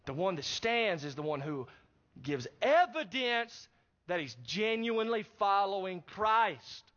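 A man's voice: high voice, very animated, unhurried, a bit bright. A man preaching a sermon, emphatic and pressing the congregation with rhetorical questions. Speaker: pastor. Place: church service. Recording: dull lo-fi recording.

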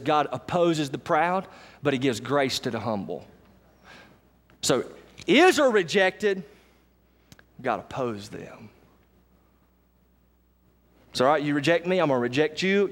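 A man preaching a sermon in a church, folksy and direct, calling out to the congregation and swinging between loud high passages and low murmurs. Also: in a large hall. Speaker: pastor. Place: church sanctuary.

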